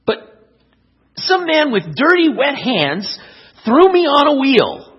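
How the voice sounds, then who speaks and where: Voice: sits high, big pitch swings, slow pace, muffled recording, voice pushed up, exaggerated voice. A speaker voicing a talking clay vase that tells of its painful shaping in a children's story, crying out as it goes. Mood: pained, recounting. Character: talking clay vase, proud, once suffering.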